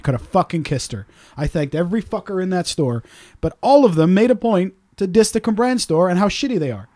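A man hosting a podcast, telling a story in an animated rant full of swearing and acting out other people's lines. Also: high voice, fairly quick. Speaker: podcast host.

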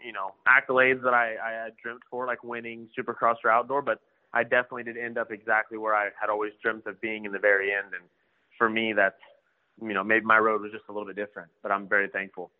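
A man's voice: lowish voice, level tone, fast talker, narrow, tinny audio. A man, a motocross rider and trainer telling a story in a casual, slangy way. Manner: laid-back, slangy, acts out quoted dialogue.

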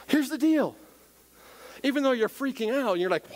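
A man preaching a sermon in an animated way, often questioning the congregation. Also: very high-pitched, moderate pace, pauses often. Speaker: pastor.

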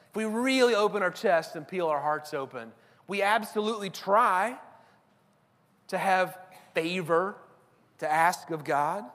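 High-voiced male preacher, chatty sermon delivery, big echoing hall. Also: a bit bright. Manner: conversational preaching, tag questions. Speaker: pastor.

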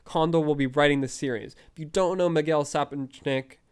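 A young man hosting a fan podcast, gushing with breathless, excited commentary and frequent outbursts. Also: fairly high pitch, brisk, smooth. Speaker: podcast host.

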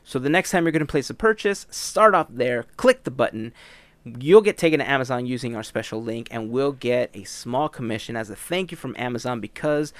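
A man's voice: medium pitch, expressive, a little fast, no echo. A tired man hosting a podcast, doing casual jokey plugs in a rambling way. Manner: jokey and rambling, tired and trying not to yawn. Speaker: podcast host. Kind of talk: casual chat with sponsor reads.

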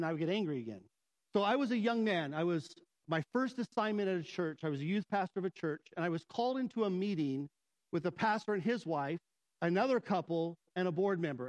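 Animated high-voiced male preacher. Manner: animated, acts out voices and inner dialogue. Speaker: pastor. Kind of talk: sermon with personal storytelling.

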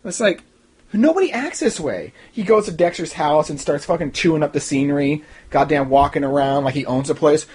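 A man's voice: on the high side, fairly even intonation, a little fast, darkish tone, husky. A young man ranting casually and snarkily in a TV episode review, with mocking asides. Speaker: TV recap podcaster.

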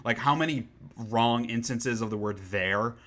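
A man hosts a casual podcast with a bright, forceful tone. He is sarcastic and opinionated and swears freely. His delivery is chatty and full of quick restarts. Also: medium pitch. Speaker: podcast host. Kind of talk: casual chat.

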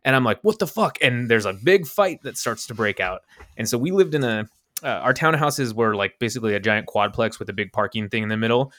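A man's voice: a little fast, no echo. A young man casually telling a story on a podcast, acting out the quotes with big jumps in his voice. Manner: animated, acts out quotes with big pitch jumps. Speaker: podcast co-host.

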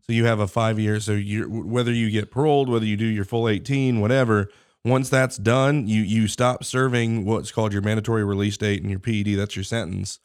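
A man co-hosting a podcast interview who calmly explains a legal term in a matter-of-fact way. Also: lowish voice, a little fast, no room sound, clean studio sound. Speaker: podcast co-host.

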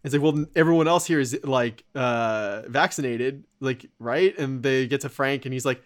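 A man's voice: medium pitch, moderate pace, hardly any pauses. A man in casual chat, animatedly retelling scenes and acting out quotes with laughs.

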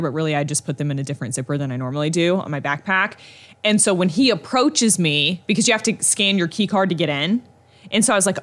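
A young woman co-hosting a podcast, telling a story in a chatty, animated way with lots of fillers. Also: lowish voice. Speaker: podcast co-host. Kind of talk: casual chat, storytelling.

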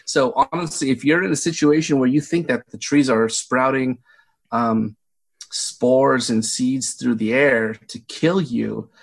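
A man's voice: mid-range voice, unhurried, vocal fry. A young man co-hosting a movie review podcast, laughing as he retells scenes in casual chat. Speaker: podcast co-host.

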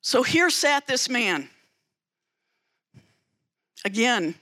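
A preacher delivers a sermon, telling the story with theatrical drama and returning again and again to emphatic phrases. The voice is bright and forward, and the pitch sits in a middle range. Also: big pitch swings, very slow.

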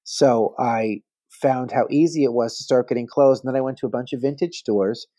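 A man in his fifties from New Jersey, a stylist telling animated, gossipy anecdotes as a guest on a casual podcast. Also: mid-range voice, normal speed, no echo. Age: 50s. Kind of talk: casual interview storytelling.

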